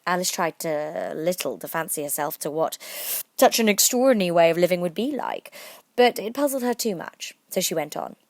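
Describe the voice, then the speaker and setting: Lively woman reading a storybook. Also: fairly low pitch, normal speed, no echo. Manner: animated, voices each character. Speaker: audiobook narrator. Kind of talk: storybook narration.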